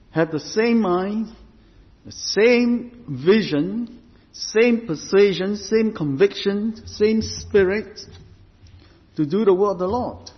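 A man preaching a sermon as pastor, deliberate and emphatic, stressing points through repetition. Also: high voice. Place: church. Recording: reverberant hall, dull lo-fi sound.

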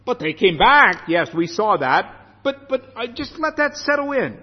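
A man preaching a sermon, slow and earnest, stressing phrases by repeating them. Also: high voice, big pitch swings, husky. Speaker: pastor. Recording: dull sound with long hall reverb.

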